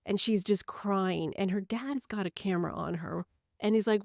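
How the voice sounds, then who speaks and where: A woman's voice: medium pitch, normal speed, vocal fry, darkish tone, no room sound, studio quality. A woman hosting a solo podcast, talking earnestly about feelings and explaining them through everyday stories. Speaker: podcast host. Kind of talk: reflective solo podcast talk.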